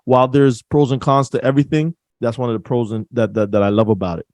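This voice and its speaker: A man hosting a podcast in casual chat, dropping quick agreements and laughing through his stories. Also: mid-range voice, steady tone, a little mellow, no room sound. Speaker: podcast host.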